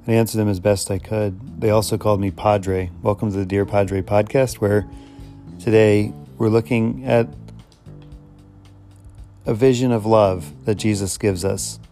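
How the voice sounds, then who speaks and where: A man hosting a faith podcast as a former chaplain, retelling a scripture story in an earnest, measured sermon style with rhetorical questions. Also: on the low side, fairly even intonation, warm tone, faint music behind. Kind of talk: reflective spoken sermon.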